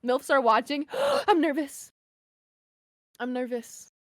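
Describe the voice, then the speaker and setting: Chatty young woman streamer, high voice, dry close mic, quick asides to chat. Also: very animated, a bit bright, no room sound. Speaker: streamer guest. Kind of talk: casual livestream chat.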